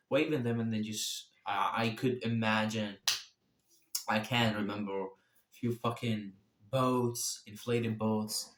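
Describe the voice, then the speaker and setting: A young man telling his own story casually, swearing freely and jumping in pitch and loudness. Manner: profane, animated, sudden swings in pitch and loudness. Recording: echoey room.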